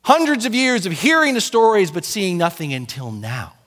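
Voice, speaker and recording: A male pastor delivers a sermon in a high, lively voice that swoops as he acts out quick asides. He sounds conversational and animated, like he's talking straight to the pews. The sound carries a long reverb from the church hall.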